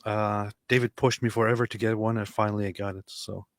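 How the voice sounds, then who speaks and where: A man hosting a casual livestream, chatting loosely and reading viewer comments aloud in a relaxed, joking way. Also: fairly low pitch, brisk, no room sound, clean studio sound. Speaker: host.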